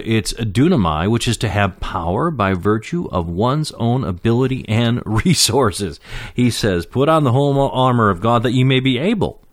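A middle-aged male preacher teaching verse by verse, pausing on filler sounds and slowing down to read quoted verses. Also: medium pitch, dry recording, studio quality. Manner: explains Greek terms, frequent uh fillers, slows for quoted verses.

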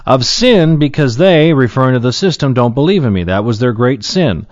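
A man's voice: mid-range voice, animated, no room sound. Man, Bible teacher, earnest sermon delivery, slightly dull dry recording. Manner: earnest, slows to read Scripture aloud.

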